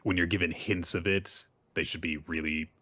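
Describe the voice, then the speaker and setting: A podcast co-host with a low voice talks at a moderate pace on a muffled recording. His manga recap is casual, animated, rambling, and full of fillers.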